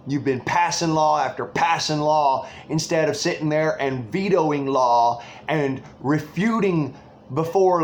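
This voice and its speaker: A man's voice: on the high side, a little hiss or hum. A man delivering an angry, rambling political rant full of swearing.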